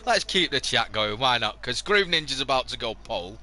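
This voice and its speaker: A man's voice: mid-range voice, very animated, moderate pace. A man giving live casual race commentary, teasing and swearing in banter.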